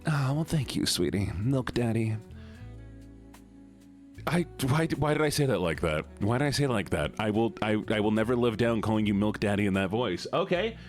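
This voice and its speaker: A man's voice: fairly low pitch, big pitch swings, fast, hardly any pauses, soft background music. Playful streamer guy, voice bouncing all over, chatting with chat. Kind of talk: casual live stream chat.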